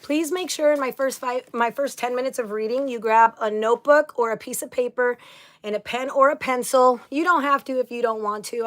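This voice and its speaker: A woman hosting a casual livestream. She chats upbeat and effusive, greeting viewers one by one. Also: fairly high pitch. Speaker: livestream host.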